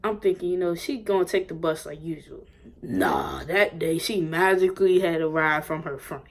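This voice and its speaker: A young woman casually telling a personal story, animated and full of swearing, acting out what others said. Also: fairly low pitch, normal speed. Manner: animated, swearing, acts out quotes. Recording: faint background noise.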